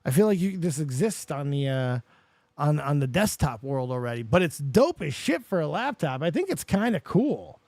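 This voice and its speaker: A high-pitched young man hosting a live show. He tells stories animatedly and profanely, and he gets himself worked up as he talks. The sound is dry and close, with no room echo at all. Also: moderate pace. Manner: animated, profane, getting worked up while telling the story. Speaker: show host. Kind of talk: storytelling and reacting on a live show.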